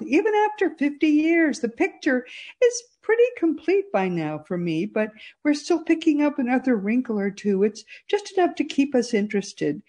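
A woman's voice: a little high, dark tone. A woman from Massachusetts with a neutral American accent, hosting a radio talk show with enthusiastic, chatty delivery. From Massachusetts, USA. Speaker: host.

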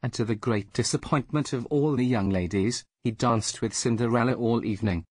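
A man reading a fairy tale aloud as storyteller, slow and deliberate. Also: mid-range voice, a little mellow, slightly rough, dry recording.

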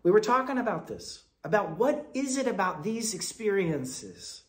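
A man delivering a Quaker sermon in a storytelling manner, moving between loud bursts and soft, low asides. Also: sing-song, moderate pace. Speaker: speaker at a Quaker meeting.

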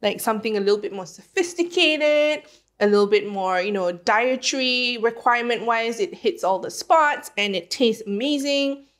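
Young woman from Malaysia, guest baker, higher voice, gushing and enthusiastic. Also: normal speed. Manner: enthusiastic, effusive, many "like" fillers. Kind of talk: casual chat.

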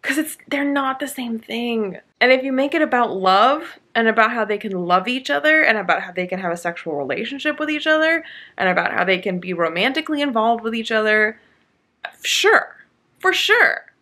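A woman talks casually to her camera about a book, slipping into sarcastic, exasperated rants. Her voice is bright and forward, and her speech is full of fillers and quick restarts. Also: fairly high pitch, lively intonation. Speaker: book vlogger. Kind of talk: casual reading vlog.

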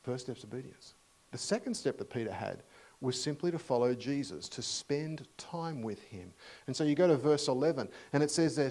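Animated Australian man preaching a sermon. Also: mid-range voice, rough recording. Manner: animated, swings from loud emphasis to hushed near-whispers; conversational, asks the congregation questions. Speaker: visiting preacher.

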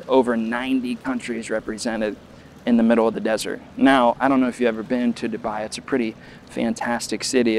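A man preaches a sermon in an easy, conversational way, doubling back on words now and then and lifting his voice to act out quotes. His pitch sits in a medium range for a man. A faint hiss of noise runs underneath. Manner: conversational preaching with restarts, rising when quoting. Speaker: pastor.

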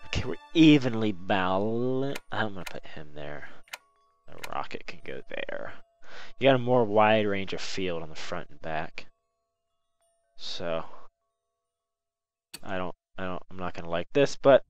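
A man talks through a video game at an unhurried pace, half to himself, and reacts to what happens on screen. His voice sits a little low. Game music plays clearly underneath. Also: lively intonation, poor audio. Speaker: gameplay commentator. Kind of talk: casual let's play commentary.

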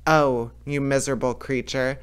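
A man reading as a huge old white-bearded monster from a fairy tale, boastful and menacing. The voice stays smooth and clear at a middle pitch. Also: little pitch movement, moderate pace, close to an everyday voice. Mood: threatening. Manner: boastful, threatening. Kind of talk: storybook reading.

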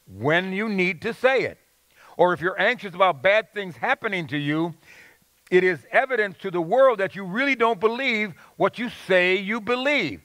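Male pastor, high voice, dry close sound, earnest sermon with folksy stories. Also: fairly bright tone, no echo. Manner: earnest preaching with folksy anecdotes and call-and-response.

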